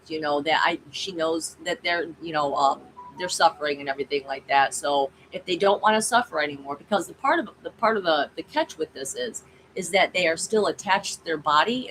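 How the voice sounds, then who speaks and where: A woman's voice: sits low, fairly bright tone, a little hiss or hum, rough recording. A woman hosting her own channel, chatting casually and rambling through a story with frequent asides to viewers. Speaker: channel host.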